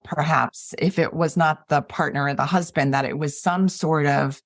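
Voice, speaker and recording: A woman hosting an interview podcast, asking encouraging questions in a warm manner. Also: deep voice, steady tone, normal speed, dry recording, clean studio sound. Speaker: podcast host. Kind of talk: casual interview.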